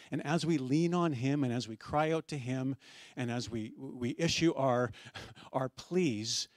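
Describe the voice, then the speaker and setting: A middle-aged man preaching a sermon as pastor, telling stories in a conversational way with gentle humor. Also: mid-range voice, no room sound, clean studio sound.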